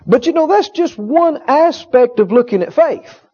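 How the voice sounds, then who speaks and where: A man preaches with a high, ringing voice, hammering key phrases again and again and pausing to draw agreement from his listeners. The recording is dull and lo-fi. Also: animated, dark tone. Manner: emphatic, repetitive, call-and-response with the congregation. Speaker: healing school teacher and preacher. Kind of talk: sermon. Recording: dull lo-fi sound.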